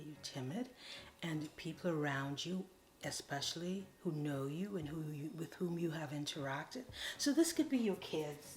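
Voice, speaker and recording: A woman's voice: deep voice, darkish tone. A woman giving a motivational talk straight to the camera, coaxing and playful, calling her viewers darlings and honey. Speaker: motivational vlogger. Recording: echoey room with faint music.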